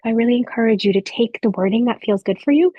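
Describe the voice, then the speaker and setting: A woman in her thirties giving a gentle motivational talk to a live audience of mothers, speaking softly with reflective pauses. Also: a little high, slightly rough, no room sound, highs cut off. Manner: soft, warm encouraging delivery with reflective pauses.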